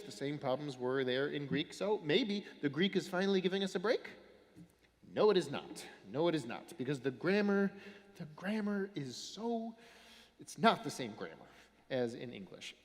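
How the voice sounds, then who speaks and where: A man preaching a sermon as pastor, wry and explanatory, with dramatic pauses. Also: a little high, expressive. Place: large church. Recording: long church reverb.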